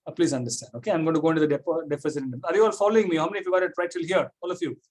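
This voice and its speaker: A man's voice: a little high, racing, darkish tone. A man teaching a classroom economics lecture, repeating points and checking often that students follow.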